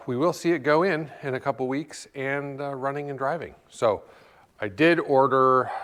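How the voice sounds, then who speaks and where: A man's voice: mid-range voice, a bit bright, in a large hall. A man talking casually to camera while working on a car, rambling and thinking aloud with lots of fillers. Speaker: car restoration vlogger. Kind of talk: casual workshop talk to camera. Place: home garage workshop.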